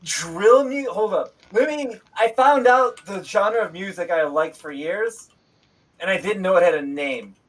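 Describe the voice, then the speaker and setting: A man's voice: high-pitched, a little slow, recorded from a distance, rough recording. A man running a tabletop game as game master, narrating in a loose, joking way and swearing freely.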